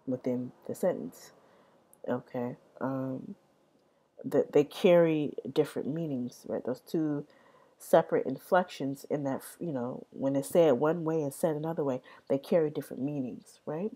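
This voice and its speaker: A woman's voice: sits low, a little slow, dark tone. A young adult woman explaining language in a casual vlog, rambling, repeating herself and often asking "right?". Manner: rambling, repeats words, many "right?" checks.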